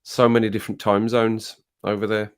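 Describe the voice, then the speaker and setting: A man's voice: on the low side, level tone, normal speed, smooth. A man chatting casually on a live stream, reading viewer comments aloud and laughing often. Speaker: music reaction streamer.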